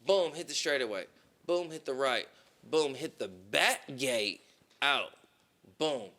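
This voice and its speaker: A man on a podcast telling a long story in casual, profane talk, with plenty of "boom" and "right?". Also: lively intonation, takes it slowly, bright, forceful tone. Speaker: podcast co-host.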